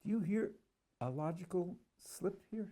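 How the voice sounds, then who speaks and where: A man's voice: high-pitched, animated, measured pace, noisy background. A rabbi teaching a class, reading a text aloud and analyzing it, stressing words and putting questions to his listeners. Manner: emphatic, acts out the dialogue he reads.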